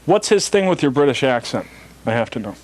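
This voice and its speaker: A man's voice: medium pitch, big pitch swings, a little fast. A man hosting a talk show, teasing his guests in casual chat and reading out plugs. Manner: playful, teasing interviewer.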